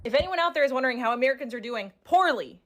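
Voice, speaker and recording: Fast, exasperated high-voiced woman. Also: a bit bright, lo-fi sound. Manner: exasperated, blunt. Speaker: social media poster. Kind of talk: frustrated vent to camera.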